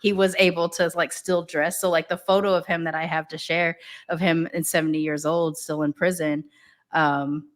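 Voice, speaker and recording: A woman's voice: low voice, level tone, normal speed. Woman cohost just chatting, lots of ums and likes, rambles around her point. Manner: rambling, full of fillers and restarts. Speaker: podcast co-host. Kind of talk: casual chat.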